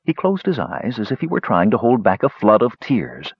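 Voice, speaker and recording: A man narrating a story in an expressive, dramatic reading, in a slightly muffled recording. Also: on the low side, normal speed, husky, no room sound.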